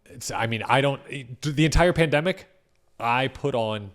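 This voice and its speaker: A man's voice: medium pitch, moderate pace, a bit bright. A man guesting on a podcast, making wry remarks and swearing now and then in casual chat.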